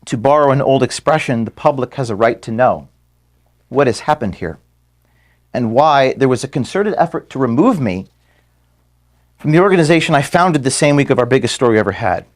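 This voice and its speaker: Man, emotional farewell address, close to tears, halting, repeats words, office room, mid-range pitch. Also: lively intonation. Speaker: founder addressing his staff.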